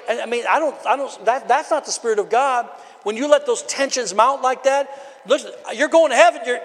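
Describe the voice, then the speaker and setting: A man pastor preaching a conversational sermon from the platform, building into shouted bursts. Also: extremely high pitch. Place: church sanctuary. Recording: long hall reverb of a church.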